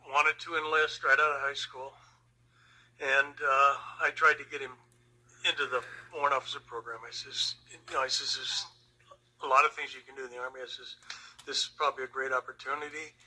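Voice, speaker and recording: An older man and Vietnam veteran, telling a personal story slowly and with emotion. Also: mid-range voice, sharp tone, a little hiss or hum, poor audio. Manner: slow, emotional, reflective.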